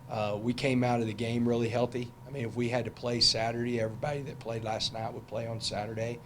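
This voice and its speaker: A middle-aged football coach with a drawl fields press questions. He rambles in a relaxed, talky way, full of fillers and restarts, at a mid pitch. A faint hum sits under his voice. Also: fast. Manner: loose, conversational, many fillers and restarts. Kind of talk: press conference answers.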